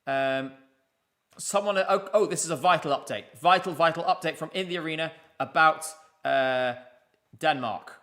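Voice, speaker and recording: A man's voice: a little high, normal speed, pushed and bright. A man hosting a casual live stream, chatty and rambling, chatting with viewers from his desk. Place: home room at a desk with laptops.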